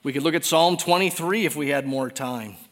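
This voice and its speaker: A man's voice: on the high side, a little fast. Man preaching in a reverberant hall. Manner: swings between loud exclaiming and hushed near-whispers; reads scripture aloud dramatically. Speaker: pastor. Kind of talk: sermon.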